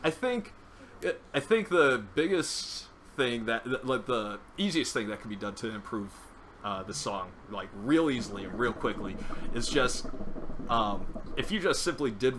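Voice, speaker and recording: A man's voice: mid-range voice, expressive, unhurried. Hesitant man, noisy recording. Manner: hesitant, many fillers, laughs easily. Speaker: co-host reviewing songs. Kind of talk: casual chat.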